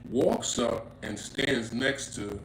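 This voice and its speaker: A man with a gravelly mid-pitched voice tells a street story to camera, slangy and acting out what people said. He builds to loud, emphatic bursts. The room is echoey with faint noise behind him. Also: animated, slow pace. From Inglewood, California. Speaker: vlogger telling a story. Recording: roomy echo, faint background noise.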